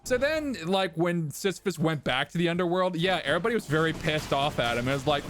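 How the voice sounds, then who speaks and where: A man's voice: fairly high pitch, animated, fast talker, hardly any pauses, fairly bright tone, a little hiss or hum. A young man streaming a game, chatting casually, rambling off topic with profane jokes. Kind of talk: casual gameplay commentary.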